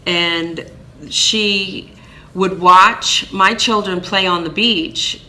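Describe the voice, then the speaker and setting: A woman from Maine telling a personal story as a vlogger, in an animated, chatty way with fillers and restarts. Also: fairly low pitch, drawn-out words. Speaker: vlogger, single parent.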